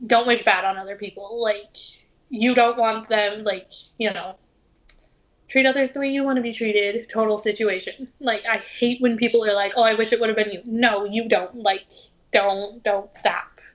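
A woman's voice: medium pitch, fairly even intonation, measured pace. A woman on a podcast who speaks hesitantly, with many fillers, but holds a firm opinion. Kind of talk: podcast discussion. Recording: dull lo-fi sound.

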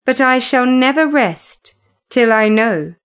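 An earnest, affectionate teenage girl who speaks softly and tenderly, as a woman reader gives her voice. The delivery is unhurried and gentle, with a fairly high voice. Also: animated, smooth.

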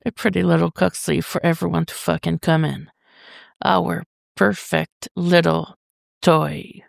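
A dominant male lover, slow and coaxing, as a reader puts him on in a heavily gravelly voice. He talks in an even, unhurried murmur for an audio story, close and dry. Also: mid-range voice, no room sound. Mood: dark, coaxing.

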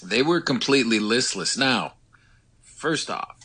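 A slightly hoarse man from Ireland, chatting as a radio correspondent, rambling with many fillers and restarts. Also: medium pitch, animated, a little slow, sharp tone. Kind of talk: casual radio phone interview.

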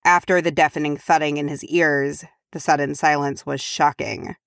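A woman reading a fan audiobook chapter in a measured, even narration close to the mic. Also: deep voice, no echo.

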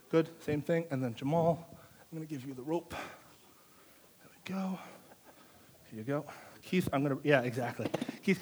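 A man preaching a live sermon in a church service, emphatic, repeating phrases for stress. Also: on the high side.

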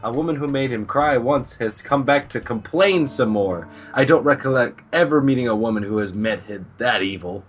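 A man reading as a sly young swordsman with a spiteful sneer. He speaks up louder than his plain talk. The audio is muffled and lo-fi. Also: medium pitch, normal speed, few pauses, soft background music, lightly acted.

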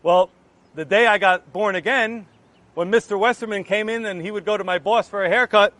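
A man giving an earnest personal Christian testimony, telling his story in an animated way and acting out the exchanges he remembers. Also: high-pitched, fairly quick, dry recording.

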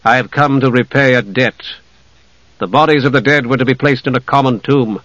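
A man's voice: mid-range voice, brisk, a bit bright, dry recording, muffled recording, natural voice. A man reading an audiobook, voicing a proud, scornful male knight who speaks coldly and in clipped sentences.

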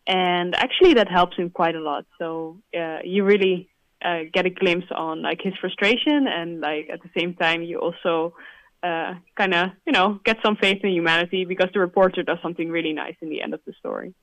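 A woman's voice: on the low side, fairly quick, fairly bright tone, no room sound, rough recording. A woman co-hosting a language lesson, explaining words in a chatty way with many fillers. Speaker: co-host explaining English. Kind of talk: casual explanation.

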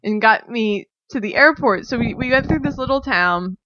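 A woman's voice: fairly high pitch, expressive, normal speed, sharp tone. A young woman telling a casual story in a rambling way, often saying "like" and laughing. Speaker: storyteller guest. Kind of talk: casual chat. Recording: dull dry recording.

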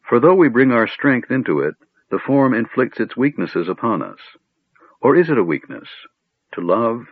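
A man voicing a soft, sorrowful elf woman. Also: mid-range voice, very animated, normal speed, slightly rough, dry recording, phone-quality sound, pitched above the performer's own voice. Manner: soft, sad.

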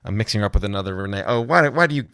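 A man's voice: on the low side, expressive, rapid-fire, a bit bright, clear, resonant tone, no echo. Chatty laughing man, dry close sound. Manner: chatty, laughs often, rambling asides. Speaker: podcast guest, comedy songwriter. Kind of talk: casual interview chat.

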